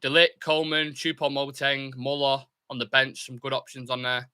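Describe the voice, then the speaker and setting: A man's voice: mid-range voice, moderate pace, smooth. A young man hosting a live football watchalong, chatting casually, reading out viewer comments and cheering on his team. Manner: chatty, reads viewer comments aloud, excitable bursts. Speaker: fan channel host.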